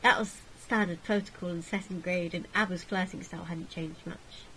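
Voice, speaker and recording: A woman's voice: on the low side, steady tone, moderate pace, sharp tone, slight background noise, poor audio. A woman hosting a gaming video, reading a visual novel aloud in a sarcastic, jokey manner.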